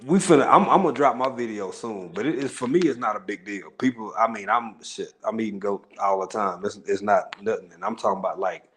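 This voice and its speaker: A man's voice: on the low side, brisk, hardly any pauses, a bit bright. A man from East Texas with a Southern accent, hosting a casual livestream and chatting loosely with viewers, greeting them by name in Southern slang. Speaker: livestream host.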